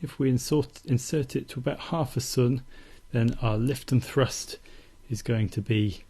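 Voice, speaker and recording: A man calmly teaching acupuncture technique in a steady, methodical instructional demonstration. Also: medium pitch, measured pace, breathy edge. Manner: calm, steady, methodical explaining.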